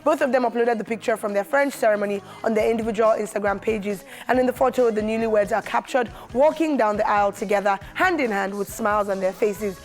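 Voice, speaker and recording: A woman's voice: medium pitch, quick pace, few pauses, soft background music. A woman co-hosting an entertainment show, chatty and teasing, laughing often. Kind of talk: casual studio chat. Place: TV studio.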